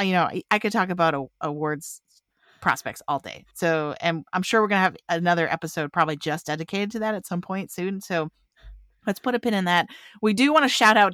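A woman with a fairly low voice hosts a casual film podcast chat. She is upbeat, laughs often and keeps the talk moving. The sound is close and dry, with no room around it. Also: fairly bright tone, no echo. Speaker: podcast host.

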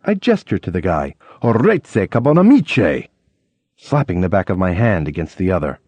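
A man narrating a memoir audiobook in a lively storytelling way, acting out quoted lines. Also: medium pitch, dry recording. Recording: dull lo-fi audiobook recording.

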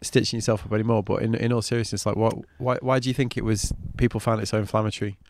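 A man with a lowish voice hosts a podcast. He keeps the chat loose and adds wry asides. He is recorded close, with a dry sound. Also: flat delivery, racing, dry recording. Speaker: podcast host. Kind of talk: casual interview chat.

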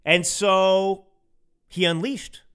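A man's voice: sits high, fairly even intonation, drawn-out words, a bit bright, clear, resonant tone. A man from the United States hosting a podcast, giving emphatic, ranting political commentary and repeating phrases for effect. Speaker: podcast host.

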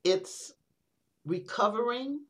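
A woman poet, a guest on an interview podcast, talking reflectively in casual conversation, with many halting restarts. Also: on the high side, a bit bright.

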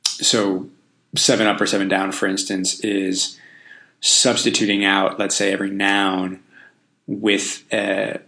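A man's voice: low voice, flat delivery, takes it slowly, pushed and bright. A man hosting a casual solo podcast, thinking aloud in a loose, self-deprecating way with frequent ums and restarts. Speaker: podcast host.

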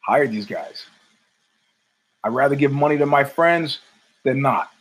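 A man's voice: mid-range voice, a little slow, fairly bright tone, low-quality recording. A man hosting his own show from home, ranting in a profane, sardonic and digressive way. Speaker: podcast host. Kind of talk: ranting solo commentary.

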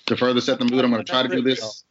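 A man's voice: medium pitch, flat delivery, very fast, slight background noise. A man hosts a casual podcast game in a wry, joking tone, with plenty of ums. His voice sits in a middle range and comes through dull and lo-fi. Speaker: game show host.

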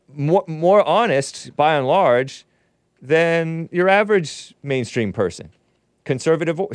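In a monologue on his own opinionated commentary show, the host reads news items aloud, then mocks them with sarcastic asides. He has a fairly high, slightly mellow voice, recorded without echo.

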